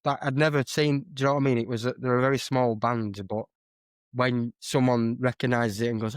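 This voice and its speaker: A young man, guesting on a casual podcast. He meanders through his anecdotes, stopping and correcting himself as he goes. His voice sits at an ordinary pitch, recorded close on a dry mic. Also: fairly even intonation, brisk, dry recording. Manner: rambling, self-correcting storyteller. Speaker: guest streamer and musician.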